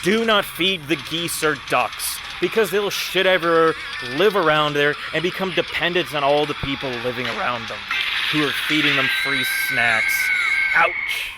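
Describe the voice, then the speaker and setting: A man's voice: on the high side, normal speed, heavy background noise. A man giving mocking reaction commentary over a clip, sarcastic and scornful in tone.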